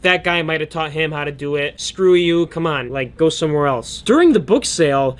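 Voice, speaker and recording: A man vlogging in a casual storytelling style, blunt and animated, swearing casually. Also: a little high, moderate pace. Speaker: vlogger, book reseller. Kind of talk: casual storytelling vlog narration.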